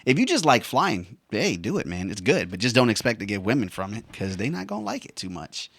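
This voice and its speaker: A man's voice: fairly low pitch, sing-song, a little fast, creaky, fairly bright tone, no room sound. A man, a veteran and former helicopter pilot, rambling casually with slangy jokes. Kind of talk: casual monologue.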